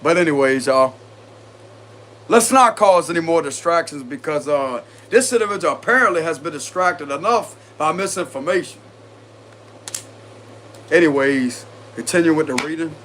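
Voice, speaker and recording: Man, Cajun accent, casual tarot reader, confident and repetitive, slightly high pitch, faint noise. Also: lively intonation, moderate pace, long pauses, a bit bright. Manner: chatty, confident, repeats himself.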